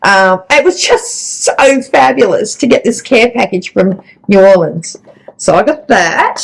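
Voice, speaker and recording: A woman's voice: mid-range voice, lively intonation, measured pace, vocal fry, husky, low-quality recording. A woman hosting a casual stitching vlog, chatty and rambling with restarts. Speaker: flosstube host. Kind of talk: casual chat.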